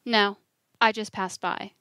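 A soft-spoken elderly man with a Southern accent, gentle and worn out, speaking in a quiet, subdued way, voiced by a woman narrating an audiobook. The sound is close and dry, with no room around it. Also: mid-range voice, steady tone, takes it slowly, clean tone, dry recording. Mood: weary, earnest. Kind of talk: audiobook reading.

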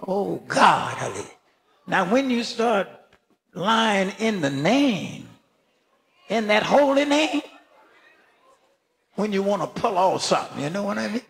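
An older man preaching a fervent sermon as a bishop, punctuating his words with praise and shouted emphasis. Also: sits high, very animated, slow pace, vocal fry, long pauses.

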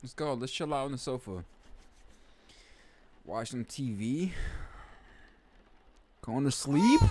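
A young man casually commenting while he plays a game, slangy and animated, breaking into loud excited outbursts. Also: high voice, a little slow, pauses often, a little hiss or hum. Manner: slangy, says bro and man. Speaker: gaming YouTuber. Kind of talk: casual let's-play commentary.

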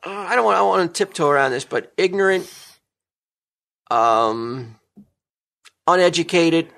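A middle-aged man co-hosting a podcast, telling stories in a lively casual chat with frequent laughs. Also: on the high side, measured pace, gravelly. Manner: animated, laughing storyteller. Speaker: podcast co-host.

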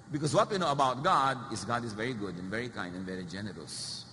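A man's voice: mid-range voice, quick pace, few pauses, sharp tone. A man with a Filipino accent preaching a sermon, telling stories animatedly, acting out the quoted voices and adding humorous asides. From Philippines. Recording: reverberant hall with faint noise.

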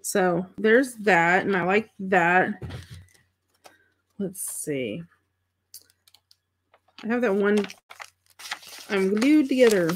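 Middle-aged woman, craft stream host, casual and rambling, mid-pitched voice, faint hiss behind. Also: very slow, pauses often. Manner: chatty, thinks aloud, talks to viewers' comments. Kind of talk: casual craft demonstration chat.

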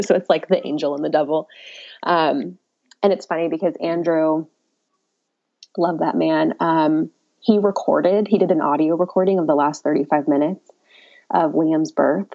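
Gravelly, low-pitched woman telling her story. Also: fairly even intonation, moderate pace, dark tone. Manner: candid, chatty, wry and self-mocking. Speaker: podcast guest. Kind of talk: casual birth story telling. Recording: dull lo-fi audio.

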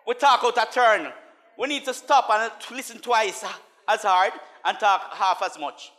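A man preaching a sermon as a minister, mixing laughing asides with chanted, call-and-response lines and swinging from soft talk to shouts. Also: high voice, measured pace.

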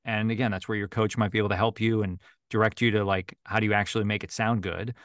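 A man's voice: on the low side, flat delivery, fast, fairly bright tone, no echo, clean studio sound. A man who narrates audiobooks, chatting casually as a video call guest, with lots of fillers and restarts. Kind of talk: casual interview chat.

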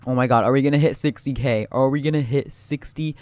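A young man giving live gameplay commentary, excitable and panicky, talking straight to his viewers. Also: medium pitch, fairly quick, hardly any pauses, no echo. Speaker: gaming YouTuber.

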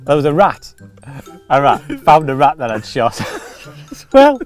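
With a fairly high-pitched voice and a measured pace, a man who appears regularly on a carp fishing show relates a long, humorous fishing story. He's animated, laughs frequently and mimics the others' voices, with faint music in the background.

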